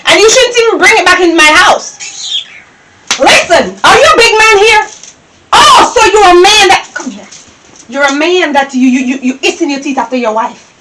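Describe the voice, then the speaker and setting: A woman acting as a domineering Jamaican lady of the house who barks orders and hurls insults, her voice high and swinging wildly up and down. The recording carries loud, constant background noise. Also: lively intonation, normal speed. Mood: scolding. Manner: scolding, shouting, scornful. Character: bossy, scornful wife and lady of the house. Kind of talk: comedy skit acting.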